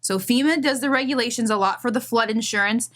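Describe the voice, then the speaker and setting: A woman attorney hosting a podcast in casual chat, telling stories with animated acted-out phone calls. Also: on the high side, fast.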